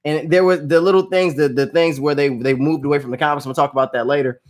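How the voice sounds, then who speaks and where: Man, casual movie review vlog, animated, excited outbursts, low asides, slightly high voice. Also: fast talker. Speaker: movie vlogger.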